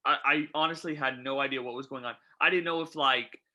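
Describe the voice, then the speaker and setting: A man co-hosting a podcast, chatting casually while reviewing a movie and firing off animated questions. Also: medium pitch. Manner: animated, rapid-fire questions, quotes own reactions. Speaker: podcast co-host.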